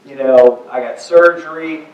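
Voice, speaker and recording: A man's voice: on the high side, unhurried. A man giving a personal motivational talk about his book. He talks conversationally, with many "you know"s and wry, self-deprecating asides. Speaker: author and speaker. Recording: echoey hall, distant dull mic.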